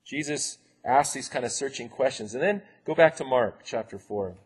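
A man's voice: medium pitch, expressive, normal speed, breathy edge. A man preaching a conversational sermon, acting out the quoted voices and laughing now and then.

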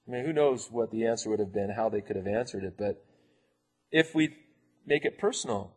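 A man's voice: on the low side, brisk, slightly rough. A man preaching a conversational sermon, acting out the quoted voices and laughing now and then.

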